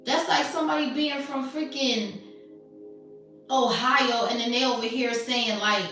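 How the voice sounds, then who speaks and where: A woman runs a casual tarot reading, blunt, profane and thick with slang, her voice a touch high. She sits back from the mic in a very echoey room, so her words ring out and land a little distant. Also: measured pace, bright, forceful tone, faint music behind. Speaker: tarot reader.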